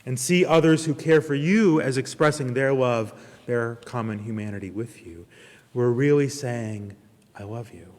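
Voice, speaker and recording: Earnest minister preaching in a reverberant hall. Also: male voice, mid-range voice. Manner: earnest preaching, slow emphatic pauses, retells a parable with lively character voices. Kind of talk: sermon. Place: church service streamed online.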